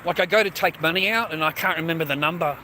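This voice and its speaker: An Australian man streams live from a train station, swearing in almost every line and talking to viewers by name. His voice sits a little high and sounds bright and sharp. A faint hum of traffic and street noise runs behind him. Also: fast talker, rough recording. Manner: crude, profane, rambling, chats to viewers by name. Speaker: livestreamer. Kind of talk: rambling outdoor livestream.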